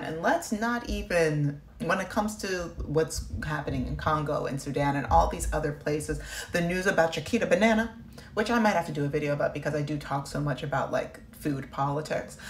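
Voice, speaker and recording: A woman in her thirties giving impassioned, animated political commentary with a sarcastic edge. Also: fairly low pitch. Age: 30s. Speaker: video creator. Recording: echoey room.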